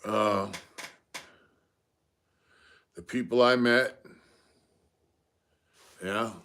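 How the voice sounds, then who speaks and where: A man's voice: on the low side, fairly even intonation, drawn-out words, fairly bright tone, clear, resonant tone. A middle-aged man, chatting casually on a live stream and greeting viewers by name between stories.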